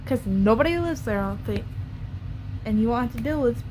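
A woman's voice: a little high, expressive, fairly quick, noisy background. A woman YouTuber ranting bluntly and profanely in a casual vlog.

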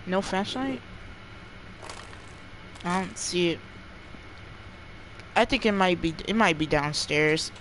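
Jumpy, slow-talking gaming streamer. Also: medium pitch, lively intonation, fairly bright tone, a little hiss or hum, poor audio. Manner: jumpy, screams and laughs often, talks to chat. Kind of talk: live gameplay commentary.

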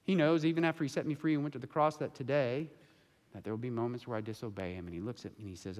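A man preaching a sermon as pastor in a church sanctuary, swinging between hushed and loud. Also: mid-range voice, animated, quick pace.

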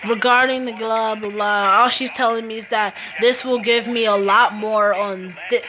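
A woman's voice: on the high side, fairly even intonation, moderate pace, noisy background. A woman giving casual commentary while playing a phone game, teasing her opponents playfully. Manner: playful trash-talk, laughs at opponents. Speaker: mobile game player. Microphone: phone screen recorder.

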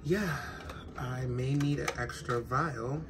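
In a casual vlog shot at home in a big city, a trans woman talks to the camera in a slow bass voice. She's worn out from crying and rambles frankly, with plenty of swearing. Faint city noise can be heard behind her.

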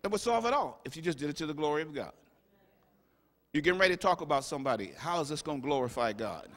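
A man serving as bishop, preaching a sermon to his congregation with animated, humorous asides and acted-out quotes. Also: fairly high pitch, fast. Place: large church sanctuary. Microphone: stage microphone. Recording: live sermon with long hall reverb.

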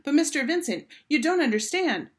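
A woman's voice: lowish voice, lively intonation, fast, fairly bright tone. A woman reading aloud, voicing a polite, helpful young female receptionist.

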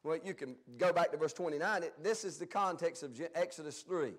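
A pastor preaching a Bible study sermon in a folksy, plain-spoken way, swinging between loud emphatic bursts and quiet asides. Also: male voice, fairly high pitch, brisk, breathy edge.

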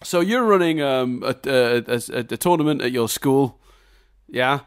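Animated, ranting man reviewing a film. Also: medium pitch, normal speed. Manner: animated, swearing ranter; laughs often mid-sentence. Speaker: podcast co-host. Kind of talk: casual film review chat.

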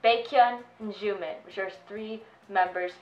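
A woman's voice: medium pitch, fairly even intonation, unhurried, muffled recording. A woman hosting a reaction video, chatting playfully and explaining in a bubbly, teasing way. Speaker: host of reaction channel. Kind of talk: casual chat. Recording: echoey room.

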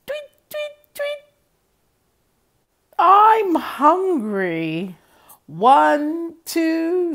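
Slow, lively woman reading a story. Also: mid-range voice. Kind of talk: children's story read-aloud.

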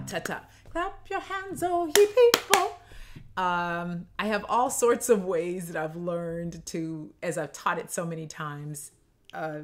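A woman composer and choir conductor, explaining her choral piece in a lively, conversational, demonstrative way. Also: lowish voice.

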